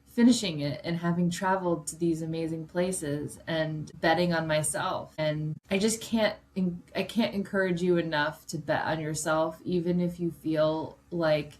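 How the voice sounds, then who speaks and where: A woman's voice: low voice, fairly even intonation, moderate pace, few pauses, a little mellow. A woman in her forties hosting her own podcast, chatty and emotional, a little jet-lagged, swearing casually as she talks. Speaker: podcast host and life coach. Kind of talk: casual solo podcast monologue.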